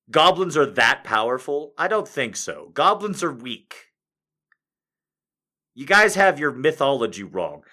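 A man's voice: medium pitch, big pitch swings, measured pace, pushed and bright. A man hosting a comic video, rambling and swearing a lot as he rants and then reads fanfic aloud. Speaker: comedic video host. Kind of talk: comic rant and fanfic reading.

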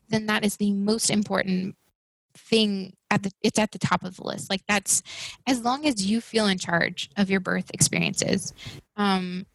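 A woman in her thirties, a podcast guest, speaking in a casual conversational way and acting out other people's words in an animated voice while she tells her stories. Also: medium pitch, creaky, dry recording, poor audio. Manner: animated storytelling, acts out quoted people in raised voices.

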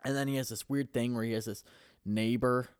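A man's voice: mid-range voice, steady tone, brisk, clear, resonant tone, no echo, studio quality. A young man casually recapping a movie in a rambling, profane way, full of fillers.

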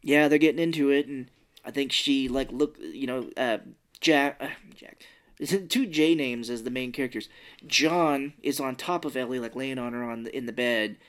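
A woman's voice: rumbling low, moderate pace. A woman co-hosting a podcast, retelling a film's scenes in a loose, rambling way with fillers and mild swearing. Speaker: podcast co-host. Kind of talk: casual movie recap chat.

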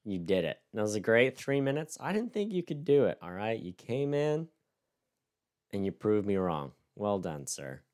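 A man's voice: on the low side, very animated, moderate pace, a little mellow. A man co-hosting a casual comedic review chat, ranting with mock sternness and punctuating his points with "all right?". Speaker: podcast co-host.

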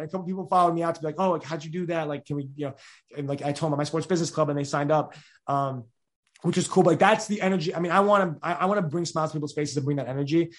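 A young man talks very fast, piling up restarts as he rambles through his answers. His voice sits a little high and carries constant energy. The talk is a casual, open interview. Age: 20s. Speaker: podcast host being interviewed.

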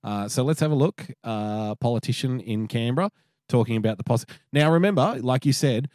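A man's voice: mid-range voice, fairly quick, no echo, clean studio sound. A man with an Australian accent, co-hosting a podcast, swearing freely while telling a story in casual chat. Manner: swears a lot, animated storytelling. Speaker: podcast co-host.

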